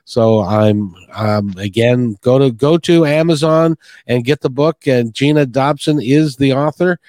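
A man's voice: mid-range voice, unhurried, darkish tone, no echo. A man hosting a podcast interview, talking earnestly and rambling with many restarts. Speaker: podcast host. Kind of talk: heartfelt podcast interview chat.

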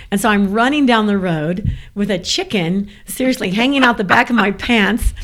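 Animated woman from the American South. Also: medium pitch, normal speed. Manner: animated, laughs often while telling a story. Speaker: guest. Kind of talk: casual storytelling.

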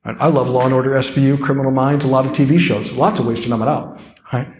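A young adult man, a priest, giving an animated, conversational keynote with playful asides. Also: medium pitch, fast, slight background noise. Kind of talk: keynote talk.

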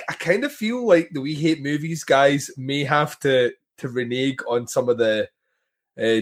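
A man co-hosting a podcast in casual chat, enthusiastic, laughing often and stammering through restarts. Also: a little high. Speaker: podcast co-host.

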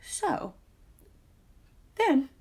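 A woman's voice: drawn-out words, a little mellow. A woman, co-hosting a podcast and telling a long, wry, exasperated story in casual chat. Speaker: podcast co-host.

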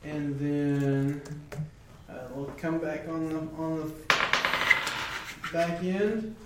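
A man's voice: a little high, drawn-out words. Hesitant man at the game table, far from the mic. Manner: hesitant, full of fillers. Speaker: player. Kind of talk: casual tabletop play. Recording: echoey, distant, with clear noise.

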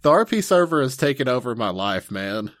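Guy cohosting an anime podcast, excited and jokey, dry close sound. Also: medium pitch, fairly quick, no room sound. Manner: enthusiastic, playful, laughs often. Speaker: podcast co-host. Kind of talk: casual anime podcast chat.

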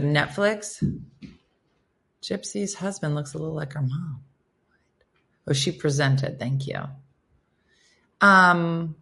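A woman's voice: deep voice, gravelly, a bit bright. A woman hosting a casual livestream chat, reading and reacting to viewer comments with frequent laughter.

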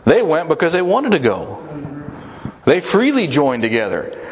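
A man's voice: huge pitch swings, moderate pace, a little hiss or hum. Man preaching a conversational sermon. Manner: conversational preaching, emphatic pitch swings, uneven pace. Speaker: pastor.

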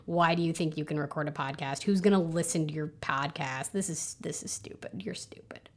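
A woman voicing a petty inner-critic gremlin that mutters scornful put-downs in a low half-whisper. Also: a little fast. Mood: sneering.

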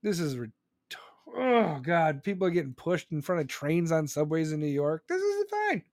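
A man's voice: a little high, moderate pace, a little mellow, no room sound, clean studio sound. A man ranting angrily and profanely, heated and sarcastic, saying he is still seething. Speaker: streamer ranting. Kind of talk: angry political rant.

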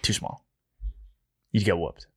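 A man's voice: slow pace, a bit bright. A young man hosting a podcast in casual chat. He laughs often and tells stories loosely. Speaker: podcast host.

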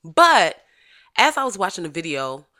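Bright-voiced, profane woman podcast host. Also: fairly low pitch, moderate pace. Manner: animated, profane and joking, laughs often. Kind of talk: casual celebrity gossip commentary.

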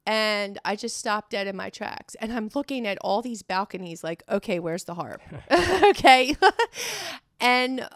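A middle-aged woman tells a deeply personal story, pausing and searching for words as emotion rises. Her mid-range voice carries a gravelly edge. The recording is dry and close, with no room sound. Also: fairly bright tone, no echo. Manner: halting, tearful storytelling with many fillers. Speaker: guest sharing her testimony.

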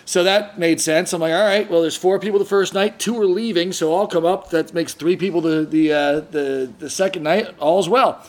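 A man with a fairly high voice tells a story on a casual podcast. He is animated, jumps into the voices of the people in the story, and trips over his words as he goes. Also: normal speed, few pauses. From San Diego area. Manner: animated, acts out quoted voices, frequent restarts. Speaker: podcast host.

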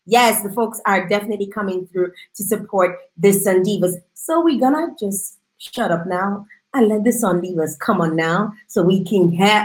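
A woman's voice: mid-range voice, a little slow, rough recording. Chatty woman hosting a live stream. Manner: chatty, repeats phrases, shout-outs to viewers. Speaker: host of a live streamed music talk show.

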